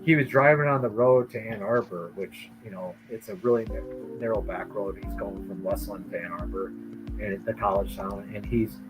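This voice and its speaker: A man's voice: on the low side, normal speed, music in the background, rough recording. A man from Michigan telling stories casually on a live stream, acting out the voices of the people he quotes. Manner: animated, acts out quoted voices. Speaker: streamer and comic artist.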